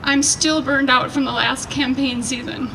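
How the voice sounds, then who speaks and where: A woman reading a prepared speech at a rally, earnest and measured, picked up from a distance outdoors. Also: high-pitched, level tone. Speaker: rally speaker. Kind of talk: prepared speech read aloud. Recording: distant mic with background noise.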